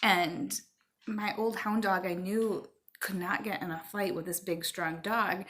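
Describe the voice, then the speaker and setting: A middle-aged woman telling a rambling personal story at home to her viewers, with fillers and pauses. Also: mid-range voice, fairly even intonation, a bit bright. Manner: chatty, rambling with fillers, stops to talk to her child. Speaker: vlogger. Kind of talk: casual storytelling to camera.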